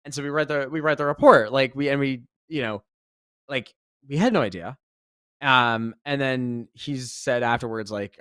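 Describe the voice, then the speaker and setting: A man co-hosting a casual podcast, telling a story with animation, rising loud when exasperated and swearing freely. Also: mid-range voice, moderate pace, clean tone, dry recording, studio quality. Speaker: podcast co-host, esports commentator.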